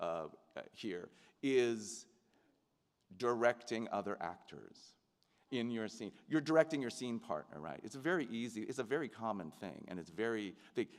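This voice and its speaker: A middle-aged man gives a commencement speech in an earnest, reflective way, at a middle pitch. His voice carries a long reverb from a large venue and reaches the podium mic. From United States. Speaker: commencement speaker, actor.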